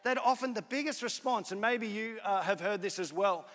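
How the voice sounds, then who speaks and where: High-voiced pastor. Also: male voice, moderate pace, a bit bright. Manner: casual storytelling with many fillers and restarts. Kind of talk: sermon. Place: church hall. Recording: long hall reverb.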